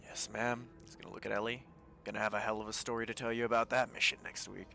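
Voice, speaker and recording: A man's voice: lowish voice, flat delivery, quick pace, vocal fry, pushed and bright. A man playing in a live-streamed tabletop role-play, casual and swearing freely. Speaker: player.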